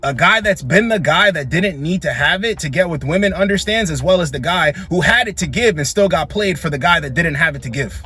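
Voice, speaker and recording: A blunt man with a high, husky voice, delivering reaction commentary to his viewers. He lectures in a direct, no-nonsense way. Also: expressive, a little fast, hardly any pauses, bright, forceful tone. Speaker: commentary host.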